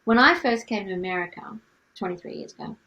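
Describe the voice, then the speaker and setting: A woman's voice: mid-range voice, fast, rough recording. A middle-aged woman from Australia with a light Australian accent, coaching music artists on business and asking lots of rhetorical questions. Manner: energetic, asks many rhetorical questions. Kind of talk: teaching to camera.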